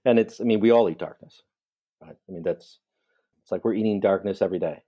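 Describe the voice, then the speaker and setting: A man's voice: deep voice, a little fast, slightly rough, muffled recording. A middle-aged man chatting casually as a guest on a call, wry and rambling. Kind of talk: casual chat.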